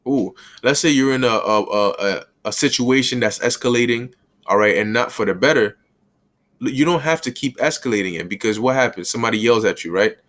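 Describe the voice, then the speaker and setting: Male Bible teacher, mid-pitched, loose street-slang delivery with acted asides. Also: fairly bright tone. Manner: casual street slang, acts out little scenes with quick voices.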